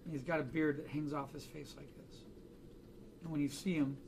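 A man's voice: on the high side, little pitch movement, normal speed, creaky, noisy background. A man teaching a drawing class, chatting casually and joking through anecdotes in front of students. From United States. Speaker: art instructor.

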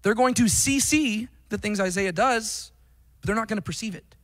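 A man's voice: sits high, normal speed, rough recording. A man giving an earnest, emphatic Bible teaching talk, often checking in with "right?". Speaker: Christian teacher.

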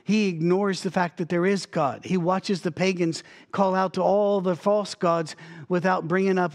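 A man preaching a sermon as pastor, telling a story with lively acted-out voices and frequent chuckles. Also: high-pitched, normal speed. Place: church.

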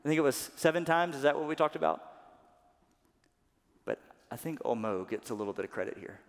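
A man preaching a sermon as pastor, animated, often acting out quoted voices louder and higher. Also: fairly quick. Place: church sanctuary. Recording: church sanctuary with long reverb.

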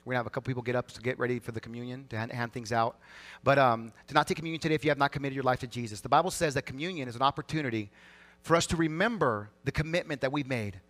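A man preaching a sermon as pastor of a church service, emphatic and swinging between loud and hushed. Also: medium pitch, rapid-fire.

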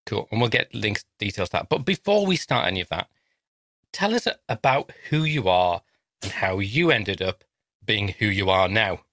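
A man's voice: on the low side, lively intonation, a bit bright, no echo. A middle-aged man from northern England hosting a podcast in a jokey, teasing chat. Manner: jokey, teasing, quick asides. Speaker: podcast host. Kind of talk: casual chat.

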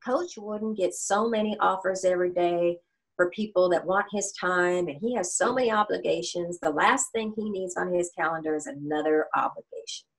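A woman putting on a kind, soft-spoken Southern husband, his accent drawn out in a low, gentle voice. He talks patiently and warmly, never pushing. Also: normal speed, low-quality recording.

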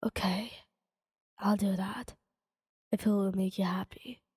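A woman voicing an apologetic, hot-tempered teenage boy hero student in a soft whisper, as whispered role-play. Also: medium pitch, fairly even intonation, measured pace, husky, big-room sound.

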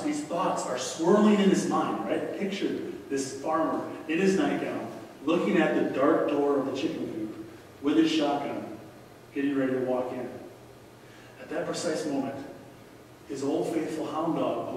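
A man's voice: fairly high pitch, far from the mic, slight background noise. Man preaching in an echoey church hall. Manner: conversational, animated storytelling with asides to the congregation. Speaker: guest preacher. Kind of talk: sermon. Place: church sanctuary.

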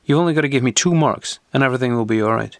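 A man's voice: mid-range voice, very fast, dry recording, close to an everyday voice. A man voicing a scornful, threatening teenage bully who gives orders, in an audiobook reading. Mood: menacing. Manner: scornful, commanding, menacing.

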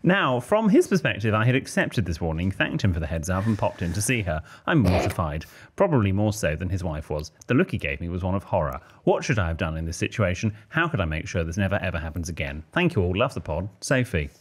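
A man's voice: low voice, quick pace, few pauses, slight background noise. A British man co-hosting a chat podcast, reading listener letters aloud and laughing along. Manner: animated, laughs while reading.

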